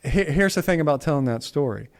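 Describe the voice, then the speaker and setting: Speaking fast and expressively in a slightly high voice, this middle-aged man co-hosts a podcast. His storytelling is casual and meandering, full of restarts and homespun asides.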